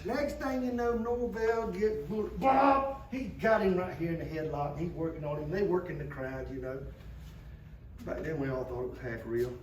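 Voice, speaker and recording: A man's voice: on the high side, moderate pace, noisy background. A man telling a story live in a folksy, emphatic way. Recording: echoey room, distant mic, loud audience.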